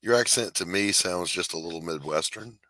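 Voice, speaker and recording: A middle-aged man hosting a drawing stream, chatting bluntly with loud bursts of drill-style barking. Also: low voice, brisk, no echo. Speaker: art streamer, host. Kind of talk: casual chat while drawing.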